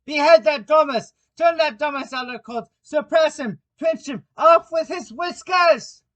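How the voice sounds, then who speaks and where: A man voicing a fussy, excitable king presiding over a trial, his lines pitched up into emphatic, shrieking outbursts. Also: moderate pace, dull audio. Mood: furious.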